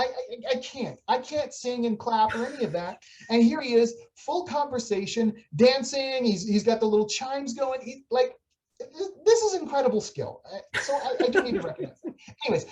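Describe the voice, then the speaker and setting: A young adult woman telling a funny story in a casual church chat, animated and laughing, with many restarts. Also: a little high. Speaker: church staff member on a video chat.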